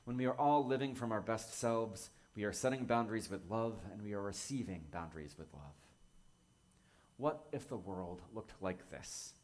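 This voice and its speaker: Gentle, low-voiced male minister. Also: expressive. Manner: gentle, measured, reflective. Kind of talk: sermon.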